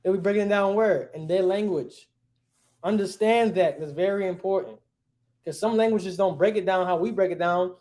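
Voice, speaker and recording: A man's voice: sits high, normal speed, darkish tone. A man teaching a class in a casual, conversational way, often checking in with the students. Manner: casual, keeps checking with "right?". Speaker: language teacher.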